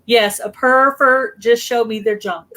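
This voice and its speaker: A Southern American woman hosts a casual livestream chat in a high, bright voice. She talks in a flustered way, laughing and exclaiming often. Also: fairly even intonation, a little slow. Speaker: livestream host.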